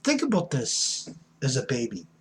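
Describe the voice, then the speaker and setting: A man's voice: mid-range voice, wildly swooping pitch, moderate pace. A middle-aged man giving a blunt, folksy recovery talk as an addiction counselor, preachy and punching certain words hard. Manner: blunt, folksy, preachy with sudden loud emphasis.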